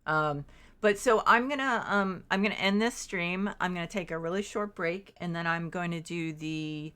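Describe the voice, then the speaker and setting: A woman's voice: fairly low pitch, normal speed, sharp tone, clear, resonant tone. A middle-aged woman streamer chatting casually while playing, rambling and restarting her sentences, acting out her own disbelief. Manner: rambling, self-interrupting, quotes herself in exaggerated disbelief. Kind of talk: casual chat while gaming.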